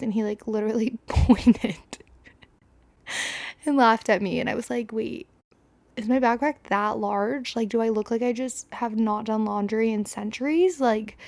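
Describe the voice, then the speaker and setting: A woman's voice: fairly high pitch, vocal fry, a little mellow, no room sound. A woman in her twenties hosting a podcast, telling a personal story in a chatty, rambling way full of fillers and self-deprecating asides. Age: 20s. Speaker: podcast host. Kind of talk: casual solo storytelling.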